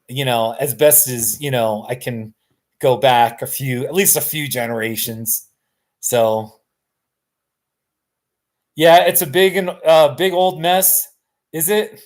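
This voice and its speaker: A man's voice: medium pitch, animated, takes it slowly, pauses often. A tired middle-aged man hosting a casual live stream from his couch at home, rambling, self-deprecating and laughing often. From United States.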